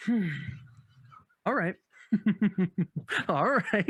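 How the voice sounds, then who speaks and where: A man in a comedy sketch podcast, whiny and quick to take offense as he argues with the cast. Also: sits high, lively intonation, fairly bright tone, dry recording, clean studio sound. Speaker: cast member reading a sketch. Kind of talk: scripted comedy sketch banter.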